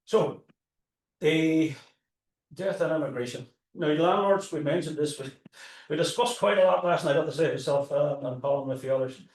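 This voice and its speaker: A man's voice: a little high, normal speed, darkish tone. Derry man giving a talk in a roomy hall. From Northern Ireland. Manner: conversational, with frequent restarts and asides. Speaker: tour guide and historian. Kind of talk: informal talk to a live audience. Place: forum hall. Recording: roomy hall, mic at a distance.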